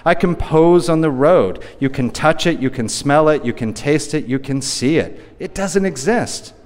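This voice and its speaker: A man's voice: fairly high pitch, lively intonation, a little slow. A man giving a live poetry reading, with a rhythmic, repetitive delivery. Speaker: poet. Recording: long hall reverb.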